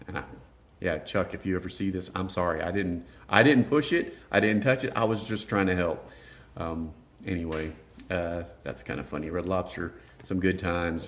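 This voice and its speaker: A middle-aged man telling rambling personal stories in a casual monologue, laughing as he goes and acting out the voices of people in them. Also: deep voice. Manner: rambling, laughs through anecdotes, acts out quoted voices. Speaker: vlogger telling life stories.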